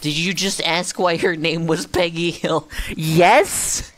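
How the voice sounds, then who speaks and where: A woman's voice: on the low side, fairly even intonation, slow, a little hiss or hum. A woman streaming a game, chatting casually to her viewers with profane jokes. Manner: profane, joking, talks to chat. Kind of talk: casual gaming commentary.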